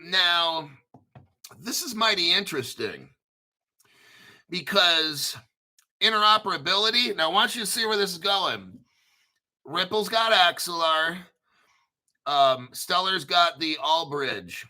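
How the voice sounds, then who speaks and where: An American man hosting a crypto channel, reading an article aloud and riffing on it in a rambling, profane, hyped-up way while clearing his throat. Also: high-pitched, expressive, slow pace, long pauses, bright, forceful tone. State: throat clearing, using a cough drop. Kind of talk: casual video commentary reading an article.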